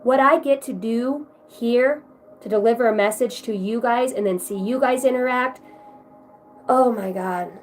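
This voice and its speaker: A woman's voice: a little high, measured pace, a little hiss or hum. Effusive, swearing woman tarot reader. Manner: chatty, effusive, swears freely. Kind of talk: casual livestream card reading.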